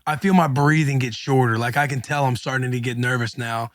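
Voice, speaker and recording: A man's voice: medium pitch, dry recording. Male podcast co-host, mid-range voice, casual slangy storyteller, dry close mic. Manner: animated, slangy, quick retelling with acted quotes.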